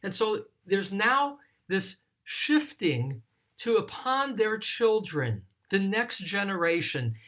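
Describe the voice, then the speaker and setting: A teacher leading a text study, explaining scripture in a deliberate, thoughtful way and lingering on single words. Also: medium pitch, very animated, fairly bright tone. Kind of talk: slow explanatory scripture lesson.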